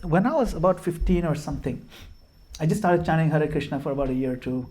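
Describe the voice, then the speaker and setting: A man's voice: fairly high pitch, fast talker, a little mellow. Self-mocking storyteller man giving a devotional talk. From Gujarat, India. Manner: storytelling, laughs at himself, mixes in Hindi and Sanskrit verses. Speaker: speaker at a devotional home program. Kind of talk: informal spiritual talk with stories.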